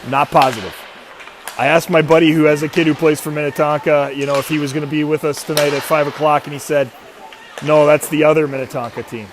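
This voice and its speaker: A man's voice: a little high, steady tone, quick pace, noisy background. A man doing chatty, rambling commentary on a youth hockey livestream. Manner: rambling, chatty, self-mocking.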